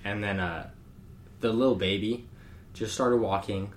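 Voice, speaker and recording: A man's voice: fairly low pitch, steady tone, unhurried, slight background noise. A young man co-hosting a podcast, chatting casually in a laid-back, slangy way and laughing often. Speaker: podcast co-host. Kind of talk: casual chat.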